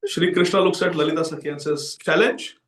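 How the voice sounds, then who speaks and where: Animated male preacher in an echoey hall. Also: on the high side, quick pace. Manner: animated, acting out voices, laughing. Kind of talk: devotional storytelling discourse. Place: large indoor temple hall. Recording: echoey temple hall from far off.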